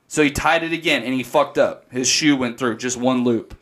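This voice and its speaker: A man in his thirties co-hosting a casual podcast, telling stories in an animated, profane way. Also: medium pitch, quick pace. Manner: animated storytelling, swears freely. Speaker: podcast co-host.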